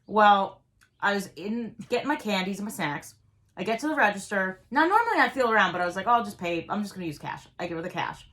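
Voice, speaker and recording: A woman with a middle-pitched voice tells a story in a relaxed chat. She rambles and stays animated, and she pads her sentences with "like.". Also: fast.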